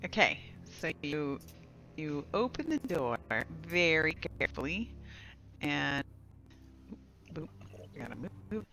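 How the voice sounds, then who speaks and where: A woman narrating as dungeon master in a casual, halting way, with faint music behind. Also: on the low side, creaky, a bit bright. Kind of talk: narrating a tabletop game.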